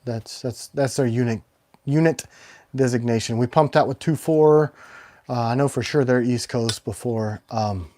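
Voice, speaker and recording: A man's voice: medium pitch, moderate pace, mellow. Rambling, jokey middle-aged man. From Upper Peninsula of Michigan. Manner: rambling and jokey, often laughing. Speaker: knife maker hosting a livestream. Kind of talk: casual chat.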